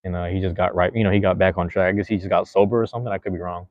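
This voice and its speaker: A man with a low voice and little pitch movement talks rapid-fire as a podcast host, reading live chat in a loose, laid-back ramble full of slang and fillers. The recording has no echo but sounds muffled.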